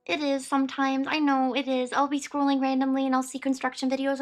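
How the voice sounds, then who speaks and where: High-voiced chatty woman streamer. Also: completely flat delivery, a little fast, few pauses. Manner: rambling, chatty, bleeps out words aloud. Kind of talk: casual live-stream chat.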